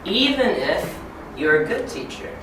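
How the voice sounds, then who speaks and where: A man of twenty-nine giving a lively training talk to teachers, acting out classroom scenes as he goes. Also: sits high, measured pace. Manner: animated, acts out classroom scenes. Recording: echoey room, distant mic, faint noise.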